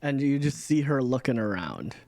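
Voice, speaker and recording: A man running a tabletop game, rambling through the scene with frequent restarts. His voice sits at a middling pitch. The recording is dry and close. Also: sing-song, moderate pace, a little mellow, no room sound. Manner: rambling, many fillers and restarts. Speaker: game master.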